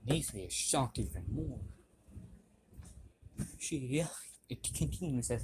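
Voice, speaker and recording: A young man casually retelling a fan story, halting with restarts and frequent throat clearing. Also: mid-range voice, animated. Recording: noisy home recording.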